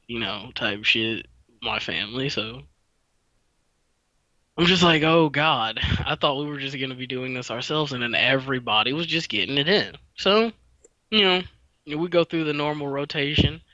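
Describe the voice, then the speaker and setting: A young man hosts a podcast and tells a rambling, profane story in a relaxed way. His voice is bright and forward. The sound is dry and a little dull, like a cheap close mic. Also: medium pitch, dry recording. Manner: rambling, profane, laid-back. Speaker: podcast host. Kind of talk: casual storytelling.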